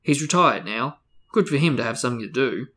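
A man doing a booming bossy aunt. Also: lively intonation, fairly quick, sharp tone. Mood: booming, scolding. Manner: booming, barking delivery. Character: loud bossy middle-aged aunt, domineering and harsh.

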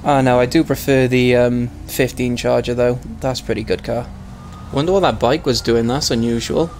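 Hoarse man streaming a game. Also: medium pitch, steady tone, normal speed, darkish tone, a little hiss or hum. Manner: chatty, laughs at himself. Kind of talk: casual game commentary.

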